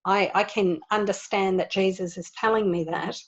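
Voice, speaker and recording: A woman leading an online group in an informal spiritual talk, earnest and animated, laughing often as she explains. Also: mid-range voice, moderate pace, highs cut off. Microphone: video call.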